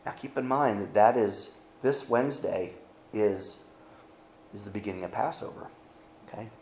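A male pastor preaches a conversational, animated sermon from the pulpit, cracking jokes on the side and often restarting. He has a lowish voice at normal speed, and the room is echoey with a little hiss or hum.

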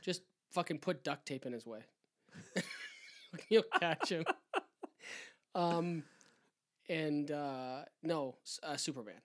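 A man's voice: on the high side, takes it slowly, long pauses. Joking Canadian man co-hosting a podcast. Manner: rambling, profane, joking. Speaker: podcast co-host. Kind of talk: casual chat.

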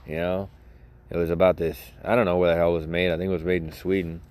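A middle-aged man with a very low voice rambles through a solo podcast. He is crude and sarcastic and laughs at his own jokes. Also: level tone, fast, darkish tone, clear, resonant tone. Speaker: podcast host.

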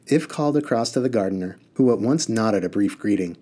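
A man reading a children's novel aloud in a steady storytelling manner. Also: lowish voice, fairly quick, few pauses. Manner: steady storytelling, casual asides. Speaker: reader.

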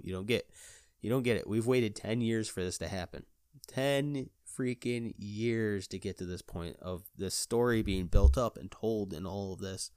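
A man hosting his own podcast, chatting alone in an excitable, rambling way full of "like". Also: deep voice, no room sound, studio quality. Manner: excitable, rambling, fills talk with "like". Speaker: podcast host. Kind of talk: casual solo chat.

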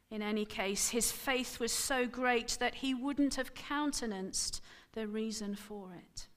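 A woman preacher giving a sermon, reading a scripture story aloud with slow, expressive storytelling. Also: fairly high pitch, in a large hall.

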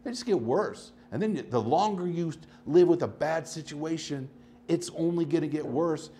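A man hosting his own podcast, talking casually and rambling through stories, swinging between animated bursts and low asides. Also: normal speed, slight background noise. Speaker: podcast host. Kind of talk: casual solo podcast monologue.

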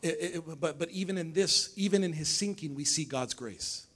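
A man's voice: a little high, moderate pace, fairly bright tone. A male pastor preaching to his church, firing questions at the congregation and repeating phrases. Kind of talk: lively sermon with call-and-response. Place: church service.

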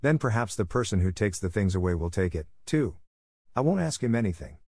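A man voicing a gentle, hopeful young girl who speaks in an earnest, tender and polite way. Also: fairly low pitch, sing-song, brisk, breathy edge, no room sound, studio quality, full character voice. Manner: earnest and tender, softly affectionate.

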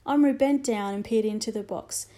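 A woman narrates a children's storybook in a measured, expressive way. Her voice sits a little high and sounds soft and mellow.

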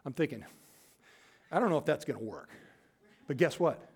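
Expressive and slightly husky, this male pastor preaches at a normal speed in storytelling fashion. He acts out the quoted voices and softens into a low, quiet register for emphasis.

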